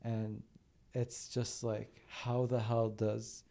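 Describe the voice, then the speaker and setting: Podcast host guy, talks real slow and reflective, super dark mellow tone. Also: on the low side, flat delivery, creaky. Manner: reflective, encouraging. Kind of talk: conversational podcast interview.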